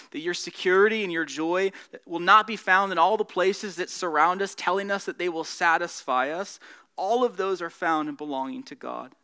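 A male pastor delivering a sermon with a bright, forceful voice. He sits a little high for a man and preaches earnestly, swelling on key points and dropping softer as each one closes. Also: clean tone.

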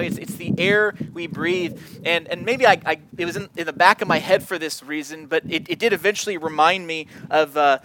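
A man's voice: sits high, noisy background. A man preaching a sermon in an earnest way, often repeating words as he searches for the right phrase. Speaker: pastor.

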